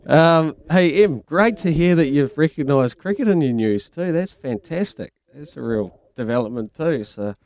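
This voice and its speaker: A man's voice: on the high side, animated, normal speed, hardly any pauses, darkish tone. A man hosting breakfast radio from a studio, chatty and laughing often. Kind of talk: casual radio banter.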